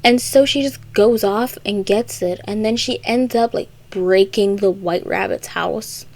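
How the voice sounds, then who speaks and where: A woman's voice: mid-range voice, a little slow, vocal fry, a little mellow. A young woman recapping a story for comedy, with sarcastic, rambling asides. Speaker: video creator.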